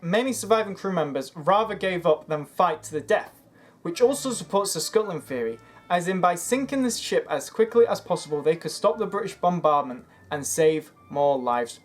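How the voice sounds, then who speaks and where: A channel host reading a scripted history narration, earnestly building an argument point by point. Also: mid-range voice. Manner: earnest, argumentative, making a case. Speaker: history video creator.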